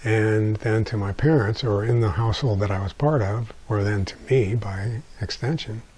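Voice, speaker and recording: An older man from the United States, an author, telling a personal story with animated, wry delivery and quiet asides. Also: fairly low pitch, normal speed, slightly rough.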